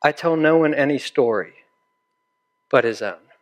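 A preacher voicing a wise, majestic male lion from a storybook, speaking low and hushed as he reads it aloud. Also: animated, unhurried. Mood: solemn. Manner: hushed, solemn reading aloud.

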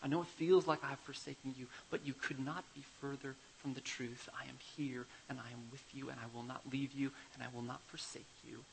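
A man voicing God as a tender father who speaks softly and reassuringly to a struggling believer. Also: mid-range voice, flat delivery, fairly quick, creaky, few pauses, a little hiss or hum, natural voice, poor audio. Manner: soft, hushed, reassuring.

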